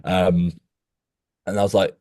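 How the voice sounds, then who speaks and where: Low, dark-voiced man telling a story. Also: takes it slowly, dry recording, clean studio sound. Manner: animated storyteller, many restarts, keeps saying "mate". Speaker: podcast co-host. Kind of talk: casual chat.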